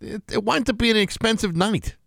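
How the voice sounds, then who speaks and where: A man's voice: high voice, a little fast, gravelly, a bit bright, no echo. A man co-hosting a casual podcast, making dry jokes and chatting along. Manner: joking, dry quips. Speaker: podcast co-host. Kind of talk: casual chat.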